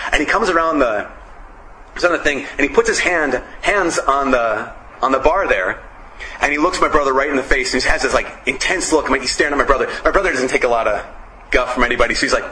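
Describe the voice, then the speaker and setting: A man giving a casual sermon, telling stories and hammering points with short repeated phrases. His voice is bright and forceful, a touch high. The church around him adds a roomy echo. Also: slight background noise. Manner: animated, storytelling, emphatic repetition. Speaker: preacher.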